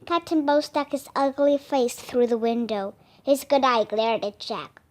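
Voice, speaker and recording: A woman reading a children's book aloud, careful and deliberate. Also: on the high side. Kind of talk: storybook read-aloud.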